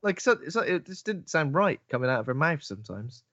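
A man's voice: on the high side, big pitch swings, brisk, a bit bright, no room sound. A man co-hosting a casual film podcast, offhand and dry. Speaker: podcast co-host. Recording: dull, dry close-up sound.

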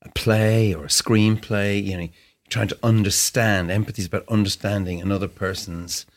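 A man with a very low, gravelly voice talks reflectively as a guest in an interview. He circles his thoughts, restarting phrases as he searches for the right words, and the fry in his voice stays through every line. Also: fairly even intonation, normal speed. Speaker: guest musician. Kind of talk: casual interview conversation.

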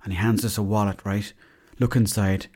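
A man's voice: on the low side, level tone, normal speed, a little mellow. An Irish man hosting a podcast, telling comic stories in a chatty way and swearing freely. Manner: chatty, swears freely, tall-tale humour. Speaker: podcast host. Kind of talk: casual comic storytelling.

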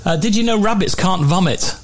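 A man's voice: high voice, lively intonation, fairly quick. A man co-hosting a podcast, reading listener emails aloud with dry, wry asides in casual chat.

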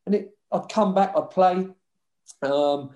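A former footballer from Hackney, London, tells dressing-room stories in a casual chat, swearing freely and laughing often. His London-accented voice sits high and has a darkish tone, and he takes it slowly. The muffled recording comes from an echoey room.

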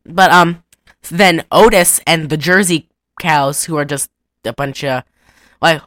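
Woman co-host, casual giggly recap with impressions, lowish bright voice. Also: no room sound, studio quality. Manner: giggly, animated retelling with quick voice impressions. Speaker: podcast co-host recapping a cartoon. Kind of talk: casual chat.

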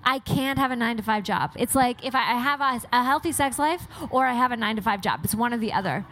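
A woman co-hosting a podcast, telling candid stories in an animated, frank way with plenty of swearing. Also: a little high, quick pace, slight background noise. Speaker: podcast co-host. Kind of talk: candid casual chat.

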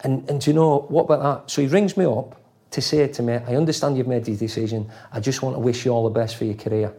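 A man's voice: mid-range voice, fast, dark tone. A middle-aged man telling football stories in a casual interview, acting out voices and swearing freely. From England, raised in Leeds. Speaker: former footballer guest.

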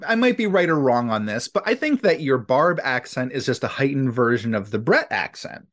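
A man's voice: mid-range voice, big pitch swings, moderate pace, fairly bright tone. A man co-hosting a podcast in easygoing, reflective casual chat. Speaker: podcast co-host.

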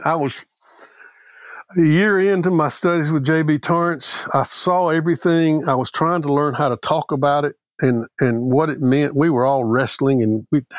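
A middle-aged man from Mississippi, a guest theologian telling a personal story in a podcast interview, earnest and halting with frequent restarts. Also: on the high side, no echo.

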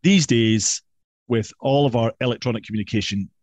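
A man telling a history story with playful, emphatic energy, his pitch in a middle register. The sound is close and dry, with no room echo. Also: moderate pace, a little mellow. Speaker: guest historian.

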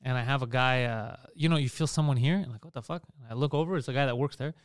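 A man's voice: mid-range voice, quick pace, clear, resonant tone, no echo, studio quality. A man co-hosting a podcast in casual chat, telling stories animatedly and swearing often. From Greek family. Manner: animated storytelling, swears a lot. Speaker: podcast co-host.

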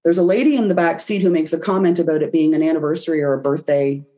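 A woman's voice: sits low, fairly even intonation, fast talker, dark tone. A woman guest in an interview, telling a personal story and acting out her own reactions as she goes. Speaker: guest, intuitive reader.

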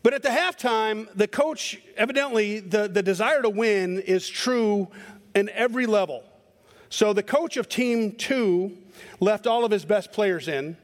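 High-voiced male pastor in echoey hall. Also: unhurried. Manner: storytelling, animated, repeats words. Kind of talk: sermon. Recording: long hall reverb.

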